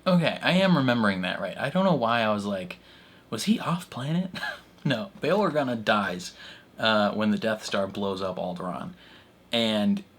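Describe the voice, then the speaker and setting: Brief: young male reaction host, a bit low-pitched, rambly, laughs a lot. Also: animated, normal speed, a bit bright, a little hiss or hum. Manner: rambling, laughs often, many fillers. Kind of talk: casual excited commentary.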